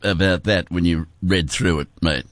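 A man's voice: low-pitched, normal speed, dry recording. An older Australian man hosting a radio interview, chatty with lots of "uh"s and laughs, on a studio mic. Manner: chatty, laughs often, many fillers. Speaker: radio host.

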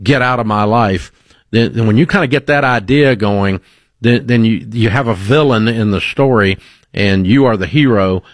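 A man hosts a call-in advice show, talking bluntly and with coaching emphasis. His voice sits a little low, and the sound is dry and close. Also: moderate pace, dry recording. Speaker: radio show host giving money advice.

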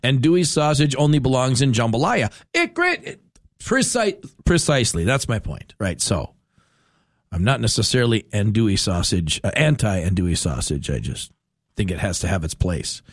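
A man hosting a talk radio show, rambling and animated in a casual rant. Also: medium pitch, moderate pace, no room sound, studio quality. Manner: rambling, animated, self-interrupting.

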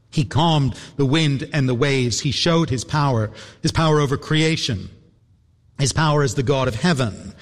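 A man preaching a sermon, earnest and reflective, repeating phrases and pausing for effect. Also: medium pitch. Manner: earnest, reflective, with repetitions and dramatic pauses. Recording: long hall reverb.

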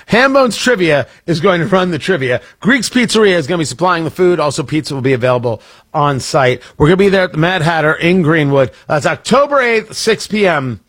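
A man's voice: on the high side, animated, fairly quick, fairly bright tone, slightly rough, no echo. A man hosting a morning radio talk show in a casual, rambling, joking way. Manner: rambling, self-interrupting, jokey.

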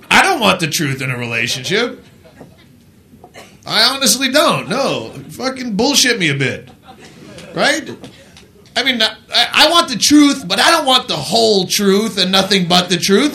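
A man doing a stand-up comedy set on a club stage, profane and incredulous, with quick asides to the audience. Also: high-pitched, big pitch swings, bright, forceful tone. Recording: live club recording with audience noise. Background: audience laughter.

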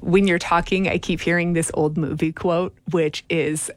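A woman's voice: lowish voice, flat delivery, moderate pace. A woman hosting an interview, attentive and affirming as she asks questions. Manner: attentive, affirming, with short backchannels. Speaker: interviewer, host. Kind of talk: conversational interview.

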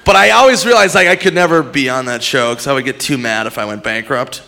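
A man's voice: medium pitch, quick pace, vocal fry. A man doing a stand-up comedy set, profane, acting out characters along the way. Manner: animated, profane, acts out characters.

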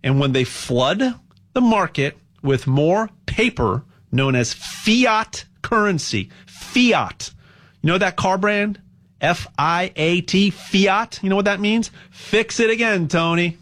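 A man hosting a casual promotional monologue, rambling and animated, stumbling over frequent restarts as he urges listeners to buy gold. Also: high-pitched, slow pace. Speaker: host pitching gold buying.

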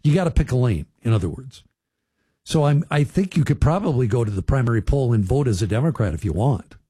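A man's voice: medium pitch, expressive, a little fast, dark tone, husky, dry recording. A man hosting a radio talk show, chatting casually with listeners and riffing on the news with folksy asides. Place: radio studio.

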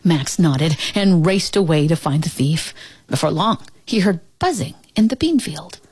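A woman reading a children's picture book aloud, with expressive storytelling. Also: low-pitched, unhurried, husky, no room sound. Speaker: storybook reader.

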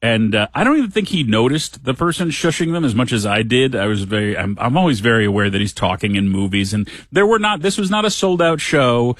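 A man's voice: medium pitch, lively intonation, a little fast, hardly any pauses, fairly bright tone, no room sound. A middle-aged man hosting a radio show, telling a story in a casual, chatty way with dry humor. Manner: chatty, dry humor, acts out quotes in voices. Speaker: radio host. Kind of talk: casual monologue.

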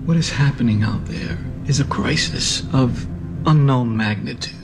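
A man's voice: medium pitch, normal speed, creaky, lightly acted. An actor playing a stern male government officer who questions a major. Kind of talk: film dialogue. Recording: film clip with strong music behind.

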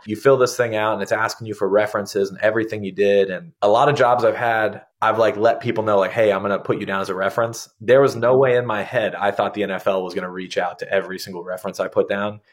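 A man in his thirties, a guest telling his story in a relaxed, conversational way and often saying "man". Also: on the low side. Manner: laid-back, conversational, says "man" often. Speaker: interview guest. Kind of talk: casual storytelling interview.

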